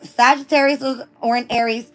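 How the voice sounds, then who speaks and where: A slightly high-pitched woman doing a casual tarot reading, her voice hoarse and wearing thin. She alternates between reading passages aloud and loose, chatty asides. Soft music plays faintly behind her. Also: fairly even intonation, brisk. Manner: reads passages aloud then riffs casually, swears. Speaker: tarot reader.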